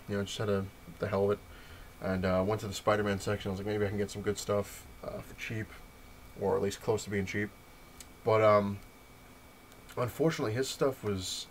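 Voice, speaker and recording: A man's voice: on the low side, a little hiss or hum. A man casually vlogging about comic books, rambling and retelling conversations with lots of "I was like" asides. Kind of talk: casual vlog storytelling and comic review.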